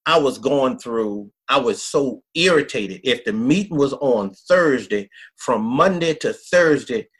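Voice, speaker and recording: This middle-aged pastor has a medium-pitched, slightly rough voice with lively intonation, keeping a measured pace with few pauses. Interviewed on a podcast, he tells a personal story in an earnest, folksy manner and acts out other people's lines.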